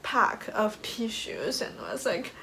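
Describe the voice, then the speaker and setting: A woman's voice: medium pitch, a bit bright, a little hiss or hum, poor audio. A young woman from China telling a personal story to the camera in a casual, emotional way, laughing often and filling with "like". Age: young adult. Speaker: vlogger.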